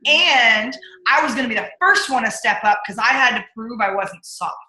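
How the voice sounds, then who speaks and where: Woman, bright forceful voice, energetic punchy storyteller, echoey room. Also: fairly high pitch, moderate pace. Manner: energetic, punchy, acts out her inner voice. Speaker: podcast guest, accountability coach. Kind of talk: candid interview storytelling.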